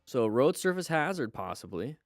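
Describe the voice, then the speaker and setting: A man hosting a live stream, reviewing motorcycle crash videos and coaching viewers with lively exclamations. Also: mid-range voice, moderate pace, dry recording, clean studio sound, faint music behind.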